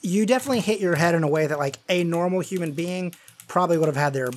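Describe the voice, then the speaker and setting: Rambling higher-voiced man running the game. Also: fast talker. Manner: rambling, heavy with fillers like "like" and "you know". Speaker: game master. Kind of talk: narrating a tabletop game.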